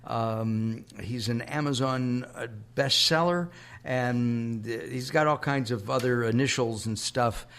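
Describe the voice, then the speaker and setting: A man's voice: mid-range voice, slow, fairly bright tone, clear, resonant tone. A middle-aged man from Southern California hosting a radio talk show, chatty and joking, with lots of filler uhs.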